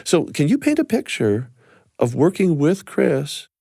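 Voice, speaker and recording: A man hosting a radio interview, speaking in a thoughtful, gentle and measured way. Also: on the high side, wildly swooping pitch, creaky, slightly rough, no room sound, clean studio sound. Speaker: host.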